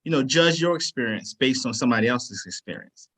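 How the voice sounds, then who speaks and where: A man hosting a casual group chat, animated and encouraging. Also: mid-range voice, fairly quick. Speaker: host.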